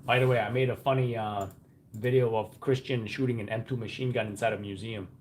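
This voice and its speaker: A man rambling through a casual live stream from a room at home, thinking aloud as he works. His voice sits at a middle pitch, and faint keyboard typing carries under his talk. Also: steady tone, a little fast, darkish tone, a little hiss or hum.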